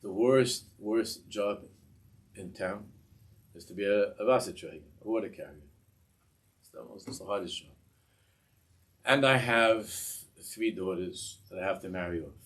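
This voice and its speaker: Man doing a desperate poor laborer father, deep voice, pleading. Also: darkish tone. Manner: pleading, hurried confession.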